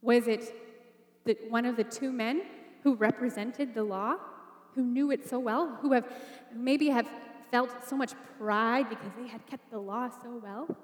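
A woman with a high voice preaches a sermon, telling the story in a relaxed, conversational way. She keeps pulling in her listeners with rhetorical questions. Her voice rings through a large hall with a long reverb. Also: a little slow. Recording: echoey hall.

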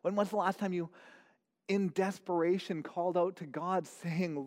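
A man with a high, darkish voice preaches at normal speed, keeping his intonation fairly even. In a long hall reverb, he earnestly repeats words and asks searching questions throughout his sermon.

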